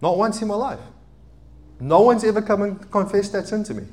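Animated preaching man in his thirties. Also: sits high, a little fast. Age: 30s. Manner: animated preaching, swings from loud emphatic peaks to quiet asides. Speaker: pastor. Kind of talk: sermon.

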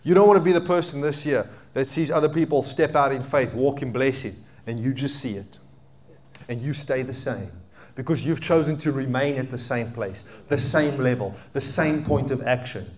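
A man in his thirties preaching a sermon as a pastor, animated, swinging between loud emphatic peaks and quiet asides. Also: medium pitch, normal speed, a little hiss or hum. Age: 30s.

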